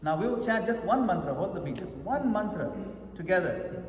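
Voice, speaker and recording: In a reverberant retreat hall, a man teaching a japa retreat gives meditation instruction, guiding the group and frequently making sure they keep up. He speaks in a high-pitched, expressive voice at a moderate speed, with a little hiss or hum on the recording.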